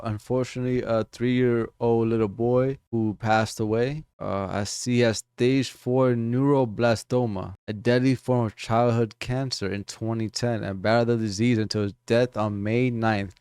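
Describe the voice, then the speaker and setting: A man's voice: mid-range voice, darkish tone, clean tone, no room sound, studio quality. A man giving casual reaction commentary to songs, laid back and speaking straight to his viewers. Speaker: music reactor.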